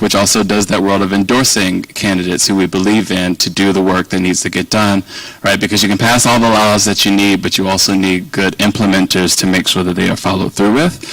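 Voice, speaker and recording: A man with a faint Southern accent speaks to a live audience in a lowish, easygoing voice. He rambles warmly and pokes fun at himself. The sound is dry, caught by a microphone set back from him. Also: dry recording, distant mic, rough recording. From Virginia, US. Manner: rambling, self-deprecating, chatty. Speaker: keynote speaker. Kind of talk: conversational speech to an audience.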